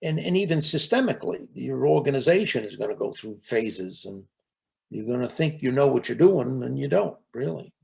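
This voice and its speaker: A man's voice: mid-range voice, animated, moderate pace, gravelly, a little mellow. An older man giving a reflective talk on resilience and spiritual life, earnest and full of anecdotes, sometimes repeating a word as he starts. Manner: earnest, storytelling, repeats words when starting.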